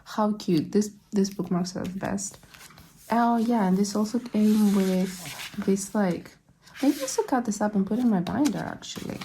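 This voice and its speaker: Casual collector vlogger, woman, fry-tinged dark tone, chatty and gushing, light room hiss. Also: mid-range voice, normal speed. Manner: gushing, rambling, giggly. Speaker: K-pop album collector. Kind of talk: casual unboxing chat. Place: at home, living in London.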